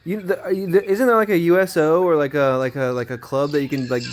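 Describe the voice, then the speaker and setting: A man with a somewhat high voice jokes around with his friends on a call. Faint clicks and hiss sit under his voice. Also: steady tone, quick pace. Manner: joking, punning. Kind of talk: casual chat among friends.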